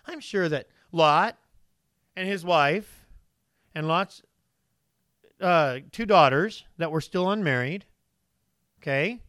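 A man's voice: fairly high pitch, fairly bright tone, dry recording, clean studio sound. A man preaching a conversational sermon, reading scripture and asking the congregation questions. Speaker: pastor.

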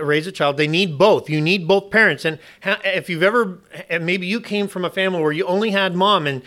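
A man delivers a sermon in a high, bright voice. He speaks emphatically, throws questions out to the congregation, and often restarts or repeats words mid-sentence. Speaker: preacher.

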